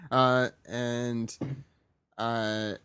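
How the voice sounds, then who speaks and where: A man's voice: medium pitch, level tone, drawn-out words, fairly bright tone, smooth, no room sound. A man co-hosting a podcast, chatting casually and tossing in joking asides. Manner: joking asides and self-deprecating trailing off. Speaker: podcast co-host. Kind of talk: casual chat.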